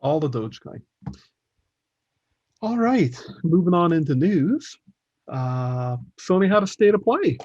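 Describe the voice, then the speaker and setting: A man's voice: high voice, big pitch swings, a little slow, darkish tone, no room sound. A man co-hosts a laid-back gaming podcast. He rambles and chuckles, leaning on fillers as he thinks aloud. The audio is dull and bone dry, with no room sound. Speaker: podcast co-host. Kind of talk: casual gaming podcast chat.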